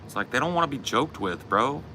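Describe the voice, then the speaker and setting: A man hosting a podcast, telling a story in a profane, laid-back, animated way. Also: mid-range voice, brisk, a little hiss or hum. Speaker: podcast host. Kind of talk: casual chat, storytelling.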